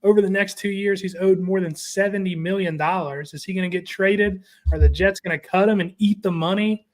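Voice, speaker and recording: Young male co-host, high voice, casual rambling sports banter with many restarts. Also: fairly even intonation. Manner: rambling, halting restarts, spells words out for emphasis.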